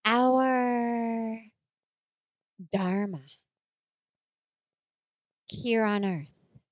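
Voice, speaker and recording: A woman's voice: a little high, very slow, dry recording. Woman giving a spiritual talk, takes her time, earnest, says things twice for weight, dry close sound. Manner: earnest, repeats phrases for emphasis. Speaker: spiritual teacher. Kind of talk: reflective spiritual talk with a personal story.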